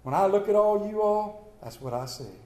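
Preacher, high voice, storytelling sermon, echoey church room. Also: male voice, moderate pace. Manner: storytelling, shifts between hushed tender reading and lively humor. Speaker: pastor.

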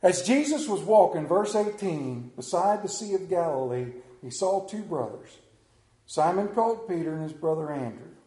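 Emotional preacher, lively high voice. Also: male voice, echoey room. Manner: emotional, halting, repeats words. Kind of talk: sermon.

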